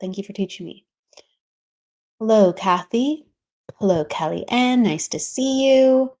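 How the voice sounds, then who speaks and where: A woman's voice: a little high, animated, a little slow, a little mellow. A woman hosting a spiritual livestream, chatting casually and greeting viewers by name with frequent laughs. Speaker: livestream host. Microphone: streaming setup, remote.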